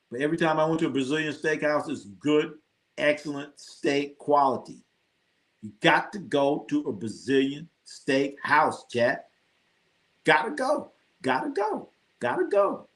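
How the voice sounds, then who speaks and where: A man hosting a casual livestream, telling rambling, profane food stories and talking straight to his chat. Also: on the high side. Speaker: livestream sports host.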